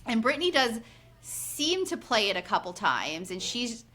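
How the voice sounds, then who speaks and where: Lady in her 40s recapping a show on a podcast, bright voice that bounces all over, acts out what people said. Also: on the high side, moderate pace. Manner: animated, acts out quotes, many "like" fillers. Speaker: podcast co-host. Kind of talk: casual recap chat.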